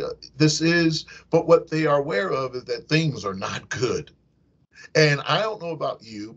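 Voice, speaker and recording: Man, hospital chaplain, devotional meditation, lively pitch, conversational, self-correcting. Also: breathy edge. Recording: dull lo-fi recording.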